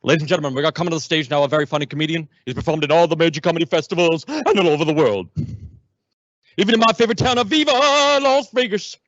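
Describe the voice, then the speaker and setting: A man putting on the voice of an Elvis impersonator introducing a comedian, in a slow drawl that climbs high. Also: fairly bright tone, no echo, lightly acted. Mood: showy. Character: male Elvis impersonator emceeing, crooning showman. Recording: dull, muffled sound.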